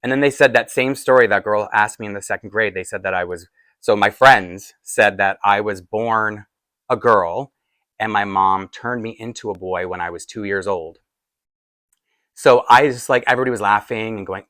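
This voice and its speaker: A man in his forties tells a personal story at a casual, halting pace, full of fillers and restarts. His voice sits low, and the sound is dry and close. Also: a bit bright, dry recording. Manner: rambling, halting with many fillers. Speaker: doll collector vlogger.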